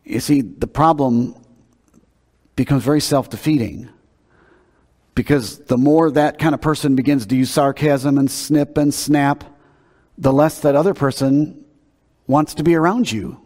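A man's voice: mid-range voice, steady tone, measured pace, pauses often, a little mellow. A man preaching a sermon in a conversational, emphatic way, often repeating words as he builds a point. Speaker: pastor. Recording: long hall reverb.

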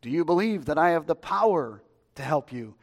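A man voicing God speaking from the sky, calm and questioning, in a reverberant hall. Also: on the high side, a little fast.

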